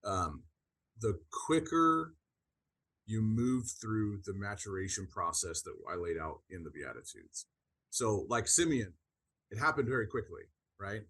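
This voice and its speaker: A man with a low, husky voice talks through spiritual ideas on a podcast. He is earnest and often restarts his sentences as he explains. It sounds like an unhurried conversational teaching. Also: fairly bright tone. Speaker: podcast co-host.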